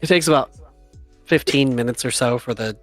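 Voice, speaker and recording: A man narrating as game master for a tabletop game, relaxed and often chuckling, with lots of fillers. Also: medium pitch, brisk, dry recording, soft background music.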